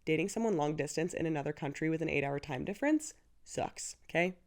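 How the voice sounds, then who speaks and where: A woman in her twenties speaks candidly as host of her own show. Her voice sits a little low and has a gravelly fry. She talks in a chatty, emotional way, full of "like" and "you know". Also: lively intonation, quick pace, darkish tone. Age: 20s. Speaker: podcast host. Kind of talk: candid personal storytelling.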